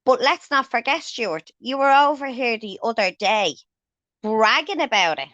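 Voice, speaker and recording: A woman's voice: fairly high pitch, animated, moderate pace, fairly bright tone, dry recording, dull audio. A woman hosting a livestream, ranting angrily and swearing heavily as she confronts someone. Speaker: livestream host. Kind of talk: angry livestream rant.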